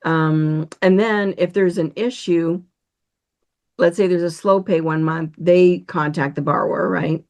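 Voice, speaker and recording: A woman's voice: fairly low pitch, steady tone, measured pace, darkish tone. A woman hosting an interview podcast who asks questions and sums up points, often ending with "right?". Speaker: podcast host.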